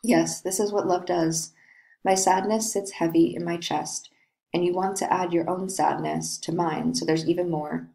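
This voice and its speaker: A woman reading the part of a brooding, lovesick young nobleman in a play, in a slow, dreamy way. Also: lowish voice, steady tone, creaky, mellow, low-quality recording. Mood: melancholy.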